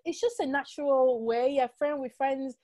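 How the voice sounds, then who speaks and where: A woman's voice: high voice, moderate pace, warm tone, no room sound. Woman, French-tinged accent, podcast guest, reflective casual chat, dry close sound. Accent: French-influenced. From Ivory Coast. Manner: reflective, many fillers and restarts. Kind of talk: casual conversation.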